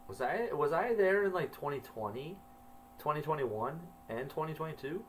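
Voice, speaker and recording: A man's voice: fairly high pitch, lively intonation, normal speed, far from the mic, a little hiss or hum, poor audio. A man reading his own journal entries aloud, stiffly, then breaking off into loose, swearing asides.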